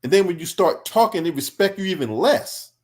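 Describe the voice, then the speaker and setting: Man, angry political reaction stream, confrontational, profane, somewhat high pitch. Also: lively intonation, a little fast. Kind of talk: heated reaction commentary.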